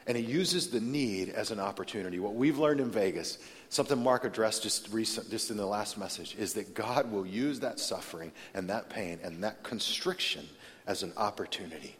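A man preaching a sermon in a large church, telling stories in a conversational way and swinging from loud to hushed. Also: lowish voice, normal speed. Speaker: pastor. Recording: long reverb of a large hall.

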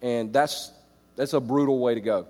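A middle-aged man preaching to church leaders, animated, swinging between loud exclamations and quiet reflective stretches. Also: medium pitch, moderate pace. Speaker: pastor. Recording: reverberant hall.

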